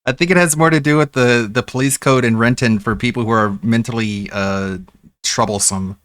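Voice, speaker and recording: Man, streamer, relaxed and playful, mid-pitched voice, dry close sound. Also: normal speed, no echo. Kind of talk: casual livestream chat.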